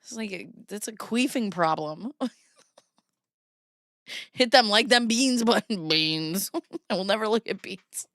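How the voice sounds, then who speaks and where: A woman's voice: mid-range voice, animated, slow pace, pauses often, fairly bright tone, no room sound, studio quality. A woman in her thirties hosting a casual livestream, giggly and often breaking into laughter. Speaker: streamer host.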